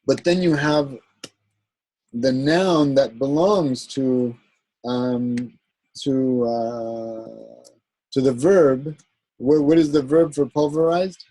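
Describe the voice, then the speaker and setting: A man's voice: mid-range voice, fairly even intonation, dark tone, no room sound, poor audio. A man teaching an Arabic grammar class, explaining patiently and often checking in with "right?" as he goes. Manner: halting, with fillers and self-corrections. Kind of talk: classroom lecture.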